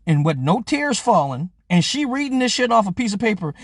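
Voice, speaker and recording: A man's voice: high voice, very animated, fairly quick, hardly any pauses, no echo, clean studio sound. A man in casual live-stream chat, blunt and profane.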